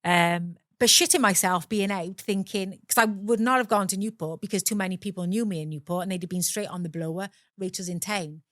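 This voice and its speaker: A woman's voice: mid-range voice, a little fast, hardly any pauses, a bit bright, no room sound, clean studio sound. A middle-aged woman from Wales with a South Welsh accent, a guest telling her own story candidly, swearing freely and acting out the voices of people in it.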